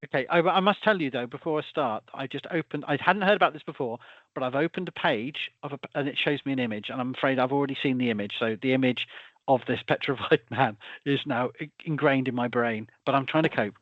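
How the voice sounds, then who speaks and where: A man's voice: medium pitch, quick pace, dry recording, dull audio. A British man hosting a casual conversation, rambling with stammering restarts and chuckling asides. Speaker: host.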